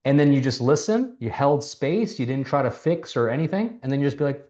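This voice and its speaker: Male mentor, mid-pitch, loose and animated, casual swearing, lo-fi sound. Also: fairly quick. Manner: animated, acts out quoted dialogue, swears casually. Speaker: mentor teaching sales. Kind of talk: casual coaching talk.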